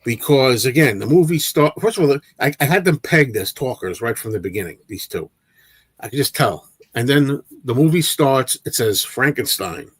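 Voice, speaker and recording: A man hosting a casual movie chat livestream, telling an animated anecdote with frequent restarts and repeated words. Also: mid-range voice, moderate pace, slightly rough, no echo. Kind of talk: casual storytelling to a live chat.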